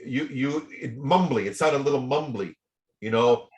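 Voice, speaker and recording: A man with a mid-range voice gives a voice lesson at a moderate pace, his feedback chatty and full of repeated words. He demonstrates by singing and speaking both softly and loudly, and the recording has a roomy echo.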